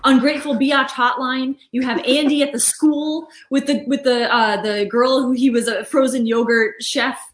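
A woman guest on a podcast, excitedly listing favorite moments from a show. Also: high voice, moderate pace, few pauses. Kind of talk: casual chat about a TV show. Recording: echoey room.

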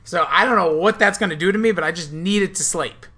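A man's voice: high voice, a little fast, bright, forceful tone, husky. A young man co-hosting a podcast, telling a rambling story with lots of restarts in casual chat. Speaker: podcast co-host. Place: hotel in a city.

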